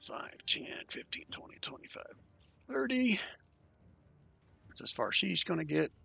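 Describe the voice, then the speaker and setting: A man running an online tabletop game as dungeon master, counting moves aloud and tossing in quick asides. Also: sits high, very animated, creaky, pushed and bright, slightly rough, soft background music.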